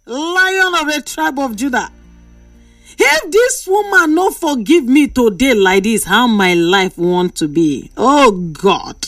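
A woman's voice: very animated, slow, a bit bright, dry recording, recorded from a distance, soft background music, heavily acted. A woman putting on a wailing, desperate Nigerian husband. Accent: Nigerian Pidgin. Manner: wailing, high-pitched, exclamatory. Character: desperate pleading husband, middle-aged man.

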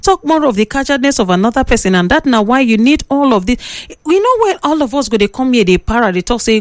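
A woman radio presenter speaking with a Nigerian Pidgin accent, lecturing listeners and bantering with callers in a lively, preachy way. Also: on the high side, fairly quick, dry recording, clean studio sound. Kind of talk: call-in radio talk.

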